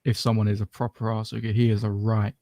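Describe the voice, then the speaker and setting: A man's voice: lowish voice, completely flat delivery, fast, dark tone, dry recording, studio quality. A British man from the UK chatting casually, joking and laughing, often stammering. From United Kingdom. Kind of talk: casual chat.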